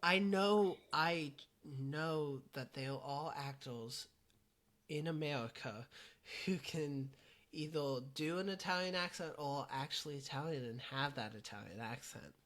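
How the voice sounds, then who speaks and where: A podcast co-host speaking at an unhurried, slow pace in a mid-range voice. The talk is hesitant, full of fillers and restarts, with frequent giggles in a loose chat. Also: medium pitch, fairly bright tone. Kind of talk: casual chat.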